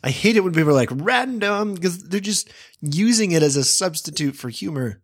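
Brief: male co-host, slightly high voice, deliberate wry griping. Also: expressive. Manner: measured, wry complaints. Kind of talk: casual chat.

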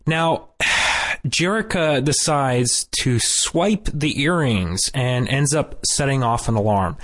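A man's voice: medium pitch, lively intonation, slow, fairly bright tone. Incredulous man recapping a cartoon. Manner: incredulous, summarizing plot then reacting. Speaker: podcast co-host. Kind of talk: casual chat recapping a cartoon.

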